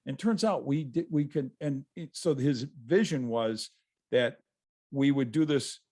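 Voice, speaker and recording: A man's voice: mid-range voice, measured pace, a little mellow. A man, a guest author, telling stories in a casual interview over a video call, rambling and restarting his sentences.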